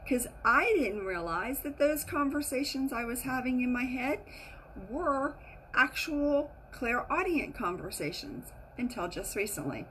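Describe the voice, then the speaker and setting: A woman giving a casual teaching talk as a spiritual teacher, animated and acting out the inner voices she quotes. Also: on the high side, a little hiss or hum, poor audio.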